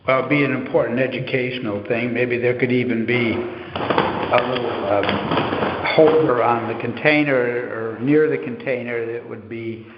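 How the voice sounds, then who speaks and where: Halting man at a town meeting. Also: medium pitch, fairly even intonation, very noisy. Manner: halting, many "um"s. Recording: echoey hall, muffled audio.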